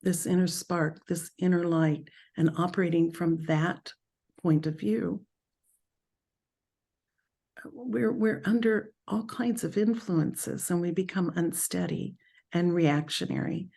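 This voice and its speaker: A woman leading a spiritual group through a reflective talk, speaking thoughtfully with pauses and self-corrections. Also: on the low side, fairly even intonation, creaky, warm tone.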